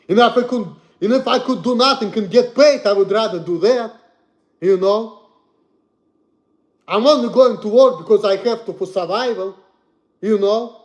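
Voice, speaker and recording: A young Russian man with a Russian accent rants bluntly and profanely to his livestream, repeating himself and swinging between loud and soft. His voice is high-pitched.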